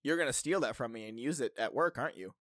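A man's voice: medium pitch, lively intonation, fast talker, a bit bright, dry recording. A young man co-hosting a podcast, joking and teasing his friend in casual banter. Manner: teasing, giggly, goofy. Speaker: podcast co-host.

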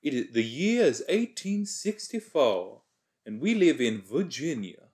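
A man putting on the voice of a genteel, formal 1860s Southern gentleman with a slow, overly polite way of speaking. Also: medium pitch, very animated.

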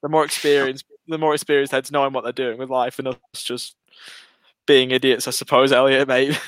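A man's voice: medium pitch, flat delivery, a little fast, a bit bright, no echo. A man co-hosting a podcast, rambling and mocking himself in casual chat. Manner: self-mocking, rambling, laughs easily. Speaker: podcast co-host.

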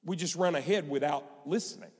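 A man's voice: fairly high pitch, fairly quick, husky. A male pastor preaching a sermon, emphatic and repetitive, in a church sanctuary. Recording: long hall reverb.

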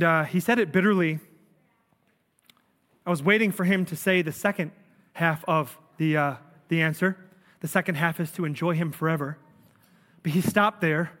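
A man's voice: high voice, a bit bright. A male pastor delivering a sermon in an earnest, emphatic preaching manner. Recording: long reverb of a large hall.

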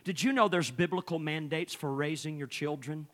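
Pastor, man, high ringing voice, fervent sermon with constant "uh" fillers. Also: moderate pace, fairly bright tone. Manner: fervent preaching, every phrase opened with "uh".

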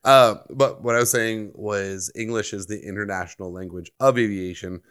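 Deep-voiced easygoing American podcast man. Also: normal speed, fairly bright tone, smooth. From United States. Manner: easygoing, rambling with fillers and restarts. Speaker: podcast co-host. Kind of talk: casual podcast chat.

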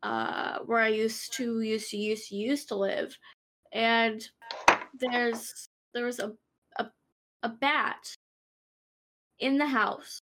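A woman's voice: on the high side, fairly even intonation, slow, pauses often, fairly bright tone, rough recording. A young woman co-hosting a podcast, rambling through a story with restarts and casual swearing. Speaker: podcast co-host. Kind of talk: casual chat.

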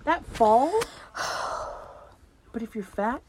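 Woman, podcast co-host, casual chat, high, very lively pitch, giggly, faint hiss behind. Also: extremely slow. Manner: rambling, giggly, swears freely.

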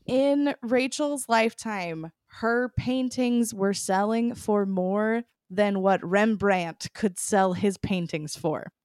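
A woman's voice: mid-range voice, slow pace, few pauses, darkish tone, no echo, clean studio sound. A young woman co-hosting a casual podcast, explaining an artist's story with frequent ums. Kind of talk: casual chat.

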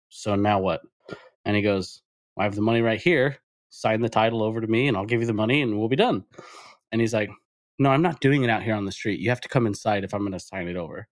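A man co-hosting a casual podcast, telling a story with animated quoted voices. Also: on the low side, dry recording, studio quality. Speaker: podcast co-host.

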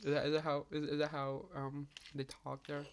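A young woman co-hosting a casual podcast, giggly and teasing, with bursts of excitement. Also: sits low, a little fast, a crowd in the background. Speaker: podcast co-host. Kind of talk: casual chat.

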